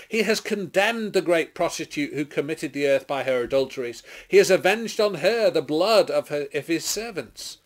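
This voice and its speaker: An English man, a clergyman, reading scripture dramatically and then preaching a short sermon, declaiming loudly and rising on exclamations. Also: on the high side, moderate pace, few pauses. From England. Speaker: clergyman giving a short Bible reflection.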